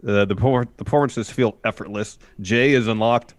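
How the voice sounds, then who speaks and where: A man's voice: on the low side, moderate pace, dry recording. A man co-hosting a casual wrestling review show, talking with eager enthusiasm. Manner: enthusiastic, gushing praise. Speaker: podcast co-host.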